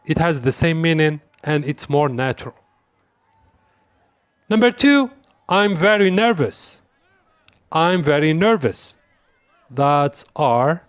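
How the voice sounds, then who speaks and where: Male English tutor running a quiz lesson: unhurried, repeats examples, fairly high-pitched. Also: expressive, clean tone, no room sound, clean studio sound. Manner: slow, deliberate, repeats example phrases. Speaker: English teacher. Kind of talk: quiz-style language lesson.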